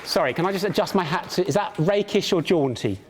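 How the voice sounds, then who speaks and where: A man's voice: high voice, animated, fast talker, some chatter behind, slight background noise. A man presenting a live science show on stage, with jokey, theatrical patter and mock pomposity. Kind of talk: comic live science demonstration. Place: live stage show at a large public event.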